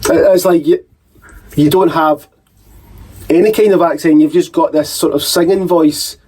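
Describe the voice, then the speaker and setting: Husky Scottish host, fairly high. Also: male voice, fairly even intonation, moderate pace, a little mellow. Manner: chatty, hesitant restarts. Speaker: show host. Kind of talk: casual album-review chat.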